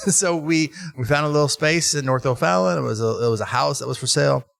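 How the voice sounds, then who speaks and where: A man who owns a brewery, talking in a casual interview and telling animated stories with lots of restarts. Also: on the high side, brisk, creaky, no room sound. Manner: animated storytelling with laughs and restarts. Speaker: brewery owner, guest.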